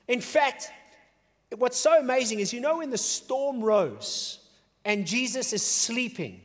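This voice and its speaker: A male pastor preaching a sermon in an animated way, swinging between shouted peaks and hushed, low passages. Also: in a large hall. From South Africa. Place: church auditorium.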